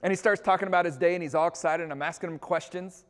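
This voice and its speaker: A middle-aged staff trainer with a fairly high voice tells a story to a room of teachers, speaking very fast and acting out each scene as an animated storyteller. He's in a big school hall, and a long reverb trails behind every sentence.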